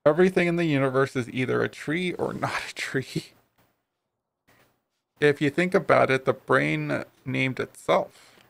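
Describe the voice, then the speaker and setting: A man voicing a talking toy tuna in a video game, reciting odd fun facts in a flat, matter-of-fact way. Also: medium pitch, measured pace, gravelly, no echo. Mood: deadpan. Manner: cheerful deadpan fact recital.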